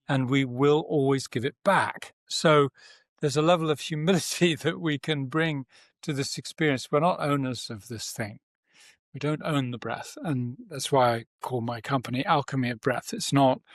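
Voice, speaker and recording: Instructive man with a higher voice. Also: no echo, studio quality. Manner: instructive, poses rhetorical questions, repeats key phrases. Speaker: breathwork teacher and author, podcast guest. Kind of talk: podcast interview, explaining at length.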